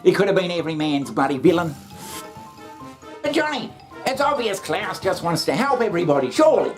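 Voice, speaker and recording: A woman's voice: lowish voice, very animated, a little fast, soft background music. A woman hosting a satirical comedy show, sarcastic and full of swearing, often laughing.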